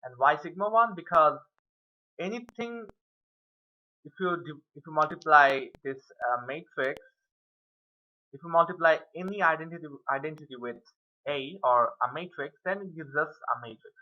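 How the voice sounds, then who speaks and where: A man's voice: on the high side, moderate pace, muffled recording. A man giving a casual whiteboard math lesson, rambling and muttering self-mocking asides as he works through the steps. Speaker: math tutor.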